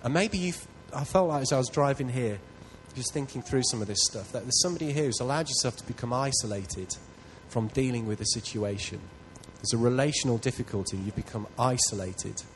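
A man's voice: medium pitch, brisk, few pauses, a little hiss or hum, low-quality recording. A man preaching a sermon, telling a personal story in an earnest, self-deprecating way. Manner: earnest, self-deprecating, builds to loud excitement.

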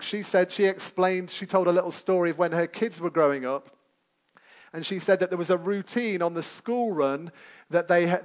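A man preaching a sermon to a congregation in a church service, talking conversationally and putting questions to his listeners. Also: high voice.

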